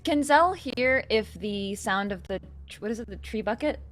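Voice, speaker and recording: A woman's voice: fairly high pitch, lively intonation, moderate pace. Lady playing d&d, always asking stuff, bit of music under. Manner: inquisitive, asks many questions. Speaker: player. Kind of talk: casual tabletop play.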